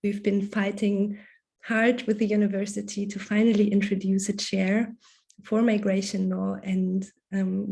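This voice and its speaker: Flat-toned woman presenting her law clinic. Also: mid-range voice, vocal fry. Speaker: law clinic student speaker. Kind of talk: prepared presentation.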